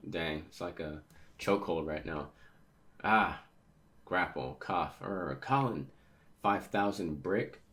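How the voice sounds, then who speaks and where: A man's voice: low-pitched, slow pace, long pauses, a bit bright. A man casually reading a manga chapter aloud and reacting, often stumbling over words as he goes. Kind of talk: casual manga read-through with commentary.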